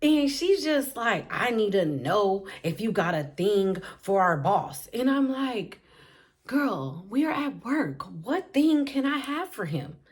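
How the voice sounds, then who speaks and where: Animated woman telling a story. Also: fairly high pitch, slightly rough. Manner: animated, petty, laughs often, acts out quotes. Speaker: storytime vlogger. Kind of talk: casual storytime chat.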